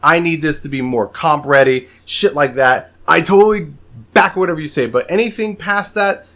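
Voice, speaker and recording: A man's voice: fairly high pitch, normal speed. A man hosting a casual gaming podcast, swearing often and ranting. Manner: animated, swears a lot, rants. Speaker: podcast host.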